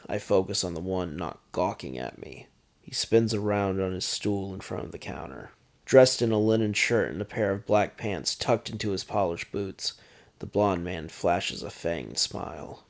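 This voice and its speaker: A man reads first-person dark fantasy narration in a steady, grim, deliberate way. His voice is low and gravelly, with plenty of fry. He keeps a measured tone throughout. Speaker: narrator reading his own fiction.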